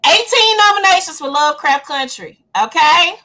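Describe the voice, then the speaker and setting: Bright, upbeat Memphis woman. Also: high voice, lively intonation, normal speed, hardly any pauses. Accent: Southern US, Memphis. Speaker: podcast co-host. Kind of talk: casual chat.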